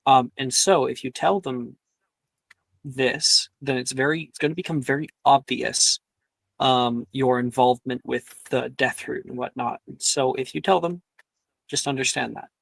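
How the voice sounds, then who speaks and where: A man running a tabletop game as game master, laid-back and quick to laugh. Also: mid-range voice, vocal fry, dry recording. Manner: laid-back, laughs often, voices characters briefly.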